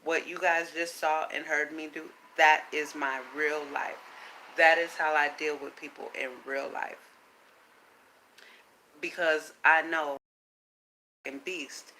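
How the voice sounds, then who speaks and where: A woman talks straight to her viewers in an unscripted vlog, bright and forceful in tone. She is blunt and swears freely, yet keeps a calm, lecturing cadence full of rhetorical questions. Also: low voice, a little hiss or hum, rough recording. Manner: blunt, profane and emphatic; calm, preachy self-talk with rhetorical questions. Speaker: vlogger. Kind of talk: casual unscripted monologue.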